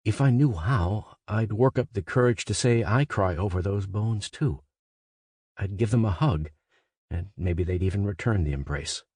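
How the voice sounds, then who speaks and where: A man narrates a literary audiobook in the first person, his voice deep and noticeably husky. He speaks in a measured, conversational monologue, then lifts into sudden emphatic questions. The studio recording is close and dry, with no room around him. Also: darkish tone, no room sound. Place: studio booth. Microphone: close studio mic.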